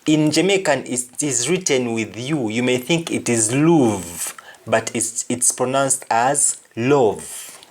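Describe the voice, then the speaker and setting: A man giving a pronunciation lesson, speaking deliberately and saying each word twice to compare sounds. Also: mid-range voice. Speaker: language teacher.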